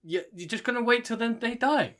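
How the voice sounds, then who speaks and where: A man's voice: extremely high pitch, brisk, fairly bright tone. A young man co-hosting a podcast, talking in blunt, sweary rants in casual chat. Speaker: podcast co-host.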